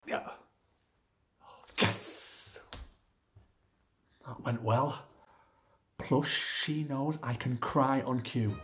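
A man's voice: mid-range voice, extremely slow, long pauses, fairly bright tone. A man playing an overeager, hapless young actor desperate for a break in a comedy sketch, heard over a video call. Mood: pleased. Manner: overeager, pushy, puts on regional accents badly.

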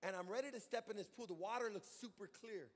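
A male pastor preaching a sermon to a congregation, building to loud shouted calls and asking the crowd to answer back. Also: sits high, fast talker, in a large hall. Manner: preaching with rising shouts and call-and-response. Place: church sanctuary.

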